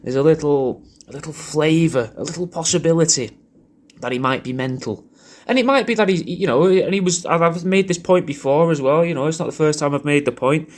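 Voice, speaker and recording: Rambling bloke with crude jokes. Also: male voice, on the high side, lively intonation, fairly quick. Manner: rambling, crude, jokey, repeats himself. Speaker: comedian recording a personalised video message. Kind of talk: rambling crude birthday shout-out.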